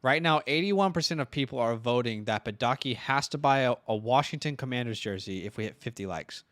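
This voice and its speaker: A man from Virginia co-hosting a live stream, chatty and teasing, giving quick asides. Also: medium pitch, expressive, a bit bright, no echo, clean studio sound. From Virginia, United States. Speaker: co-host. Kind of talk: casual live-stream chat.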